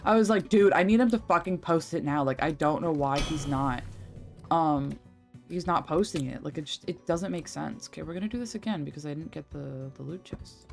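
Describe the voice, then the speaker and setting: A young woman with a slightly low voice rambles through casual chat while streaming a game, full of fillers and swearing freely. Faint game music plays behind her. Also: moderate pace, creaky, a little mellow. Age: young adult.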